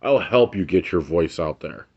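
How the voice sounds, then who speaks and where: A man's voice: sits low, expressive, moderate pace, a little mellow, breathy edge, muffled recording. A man ranting to camera in a vlog, angry and blunt, swearing and repeating phrases for emphasis. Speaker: vlogger. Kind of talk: heated ranting commentary to camera.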